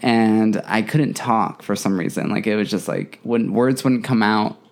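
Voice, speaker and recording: A young man hosting a podcast, telling a story in casual chat, animated, acting out quotes and swearing freely. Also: on the low side, measured pace.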